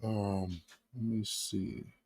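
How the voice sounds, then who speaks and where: Guy hosting a commentary show, slow drawl, lots of ums. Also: lowish voice, level tone, darkish tone. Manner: slow, drawling, loose with fillers. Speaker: commentary host. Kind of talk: casual commentary.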